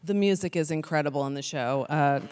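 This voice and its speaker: A woman moderator with a slightly low voice asks relaxed questions of a stage panel. She reads out audience questions between her own. The sound rings with the long reverb of a big auditorium. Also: a little fast, background noise.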